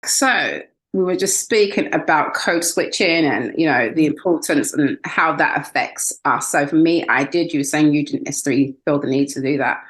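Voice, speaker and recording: A young British woman hosting a podcast interview, relaxed and laughing easily as she chats. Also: low-pitched, moderate pace. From United Kingdom. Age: young adult. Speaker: podcast host. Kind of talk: casual interview chat.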